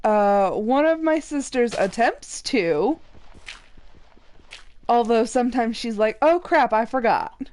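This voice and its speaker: A woman's voice: a little high, animated, takes it slowly, pauses often, a little mellow. A young woman streaming a game and chatting casually, laughing often and acting out what others said. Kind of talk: casual chat while gaming.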